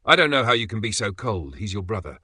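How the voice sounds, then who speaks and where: A man's voice: lowish voice, very animated, quick pace, bright, forceful tone, breathy edge, no echo, clean studio sound, full character voice. A man voicing a pleading, guilt-tripping middle-aged mother within a story reading.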